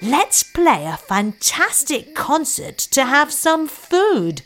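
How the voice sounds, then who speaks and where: A woman's voice: high voice, big pitch swings, takes it slowly, a bit bright, pitched above the performer's own voice, heavily acted. Woman putting on a raised, hopeful donkey voice for a kids' story. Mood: keen. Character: runaway male donkey musician, hopeful.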